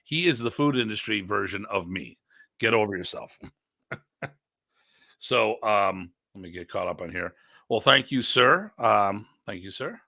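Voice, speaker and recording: A middle-aged American man, a podcast host and martial arts instructor, telling stories in an animated, blunt, joking way and acting out quoted exchanges. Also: measured pace, creaky, dry recording, clean studio sound. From United States. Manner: animated, acts out quoted exchanges with pitch jumps; rambling with restarts, blunt and joking. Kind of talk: casual storytelling chat.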